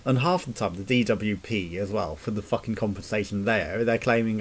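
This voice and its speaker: A man's voice: lowish voice, normal speed. Swearing man ranting in exasperation. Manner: swears constantly, exasperated, sarcastic laughs. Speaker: vlogger. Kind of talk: angry rant to camera.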